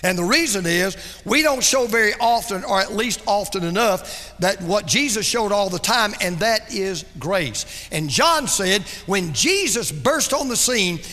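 A man preaching a sermon as pastor, with dramatic delivery that drops soft and low for emphasis. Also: animated, measured pace, long reverb tail.

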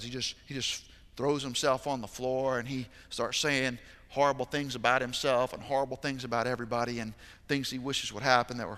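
A man preaching a sermon with passion, moving between loud, rising appeals and quiet, personal storytelling. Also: mid-range voice. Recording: reverberant hall.

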